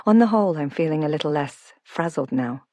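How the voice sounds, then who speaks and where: Low-voiced woman reading an audiobook. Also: expressive, a little fast, a little mellow, no room sound. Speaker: audiobook narrator. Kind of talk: first-person novel narration.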